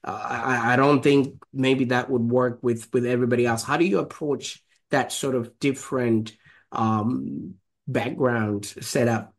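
A man's voice: medium pitch, steady tone. Rambling man hosting an interview. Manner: rambling, halting with many fillers. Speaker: podcast host. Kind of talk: interview questions.

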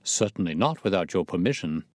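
A man's voice: low-pitched, lively intonation, a little fast, no echo, clean studio sound. A man reading the part of a loyal, earnest male companion who questions plainly.

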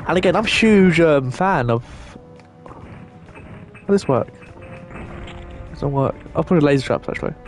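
A man's voice: on the high side, animated, fast talker, few pauses. Rambling young man over game music. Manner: rambling, chatty, swears casually. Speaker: gaming channel host. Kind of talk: casual gameplay commentary.

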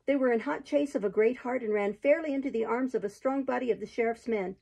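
A woman's voice: a little high, fast, creaky, warm tone, husky. A woman voicing a grave, loyal male outlaw lieutenant, read aloud from a storybook.

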